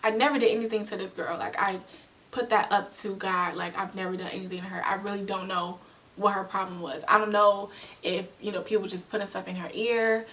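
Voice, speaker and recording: A young woman telling a storytime vlog in a casual, animated way, full of slang and acted-out quotes. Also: mid-range voice, brisk, far from the mic. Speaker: vlogger.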